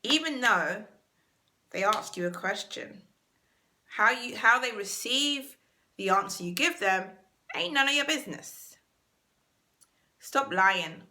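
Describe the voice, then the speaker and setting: A woman's voice: a little high, expressive, slow, long pauses, sharp tone. A British woman hosting a self-help channel, giving an earnest motivational talk to camera and stressing key words by repeating them.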